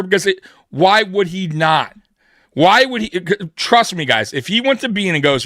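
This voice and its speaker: A man's voice: sits high, expressive, a little slow, a bit bright, dry recording, studio quality. A man co-hosting a live sports pregame show, talking emphatically and acting out quoted dialogue to make his point. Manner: emphatic, repeats himself, acts out quoted dialogue. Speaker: podcast co-host. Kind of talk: casual sports talk.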